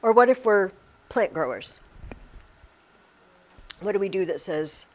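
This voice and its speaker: A woman's voice: mid-range voice, expressive, measured pace, pauses often. A woman teacher leading a literature lesson in a classroom, questioning her students.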